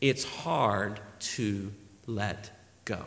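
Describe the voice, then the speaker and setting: Animated preacher in a reverberant hall. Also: male voice, on the low side, extremely slow, vocal fry. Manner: animated storytelling, swinging from loud exhortation to quiet asides. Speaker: pastor. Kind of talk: sermon.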